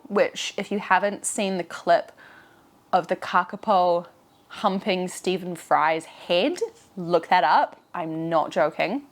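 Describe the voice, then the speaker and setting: A woman with a New Zealand accent answering questions in a casual vlog. She is chatty and digressive, often breaking off mid-thought. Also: mid-range voice. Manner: chatty, digressive, self-interrupting. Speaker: vlogger. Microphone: clip-on wireless mic.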